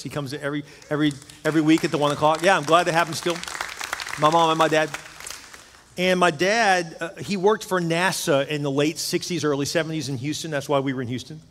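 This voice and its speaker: A man's voice: a little high, a bit bright. Pastor guy in his 50s preaching hard, tells stories, lots of church hall echo. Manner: emphatic preaching, storytelling with rising and falling intensity. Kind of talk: sermon. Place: church sanctuary. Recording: long hall reverb.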